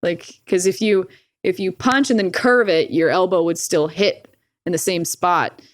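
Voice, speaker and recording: A podcast guest with a lowish voice talks at a measured pace in a dry, clean studio recording. The young woman recounts a personal experience candidly, with animated delivery, frequent swearing, and lots of "like."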